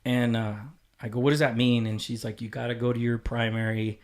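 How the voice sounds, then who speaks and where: A man's voice: mid-range voice, flat delivery, fairly quick, a little mellow. A man with an ordinary mid-range voice tells a story in loose conversation. He swears freely and slips into the voices of the people he quotes. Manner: candid and profane, acting out quoted dialogue. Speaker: podcast guest. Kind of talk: casual storytelling chat.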